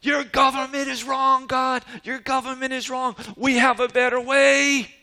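A man voicing a defiant male Satan shouting at God during a sermon. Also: very high-pitched, level tone, unhurried, voice pushed up, heavily acted. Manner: shouting at the top of his lungs.

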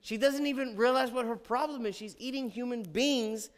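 A male pastor preaching a sermon, animated, asking the congregation questions and acting out the scripture. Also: very high voice, normal speed. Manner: animated, asks the congregation questions, dramatizes quotes.

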